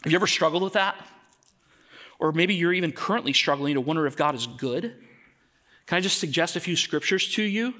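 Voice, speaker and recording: A man's voice: fairly high pitch, lively intonation, fairly quick, long pauses, pushed and bright. A man in his thirties preaching a sermon to a congregation in a conversational way, often asking them questions. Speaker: pastor. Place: church.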